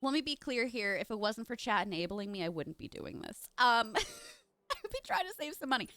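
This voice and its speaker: A young woman streaming a game in a casual, gushing way, chatting straight to her viewers. Her voice sits fairly high and swings widely in pitch. It comes across bright and crisp, with a dry, close sound. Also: big pitch swings, normal speed, no room sound. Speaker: live streamer. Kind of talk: casual live-stream chat while gaming.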